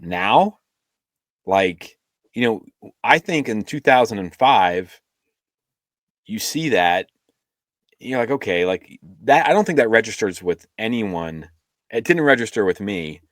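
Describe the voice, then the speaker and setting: This podcast co-host speaks in a low voice, chatting casually and rambling with many fillers and restarts. The studio-quality recording has no room sound.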